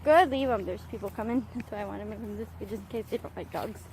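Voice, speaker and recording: Holding her phone camera outdoors at a park, a young woman vlogs casually with her service dog, laughing often and calling out praise to the dog. Her mid-range voice is dark and steady, and she talks very fast. The low-quality recording has slight background noise.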